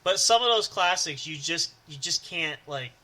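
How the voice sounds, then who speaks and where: A man's voice: a little high, lively intonation, normal speed, bright, forceful tone. A man co-hosting a casual podcast chat who laughs often and breaks into stammering movie impressions. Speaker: podcast co-host.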